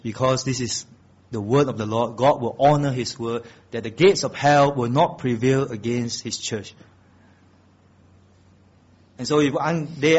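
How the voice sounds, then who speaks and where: A man preaching a sermon, climbing to loud emphatic peaks and then dropping soft and slow on key phrases. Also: medium pitch, slightly rough, highs cut off.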